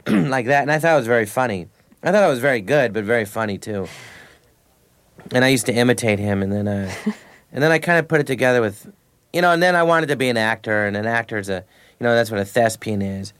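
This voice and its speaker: A man's voice: fairly low pitch, brisk. A man in his thirties, a comedian guest, telling stories in a loose, rambling way with restarts and laughs between lines. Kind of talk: casual anecdotal interview.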